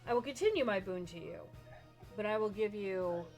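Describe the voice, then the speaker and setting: A woman's voice: medium pitch, animated, normal speed, darkish tone, faint music behind, close to an everyday voice. A woman voicing an imperious elder female vampire who speaks in a haughty, commanding way. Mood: exasperated.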